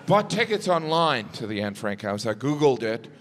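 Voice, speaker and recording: A man from the American Midwest doing a deadpan stand-up routine on a theater stage, jumping into high, mocking voices for the people in his jokes. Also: moderate pace, very noisy. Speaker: stand-up comedian. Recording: reverberant theater with audience laughter. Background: audience laughter.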